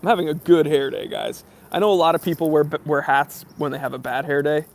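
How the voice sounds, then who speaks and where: Gravelly, joking live-stream host. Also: male voice, fairly high pitch, brisk. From Los Angeles area. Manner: joking, animated, self-deprecating banter. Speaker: YouTube channel host doing a live stream Q&A. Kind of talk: casual live-stream chat reading comments.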